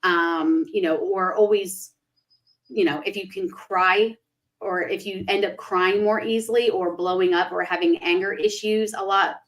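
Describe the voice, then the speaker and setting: A woman's voice: medium pitch, steady tone, a little slow, rough recording. A young woman, a spiritual life coach, hosting a casual livestream chat and acting out quoted thoughts in a raised voice.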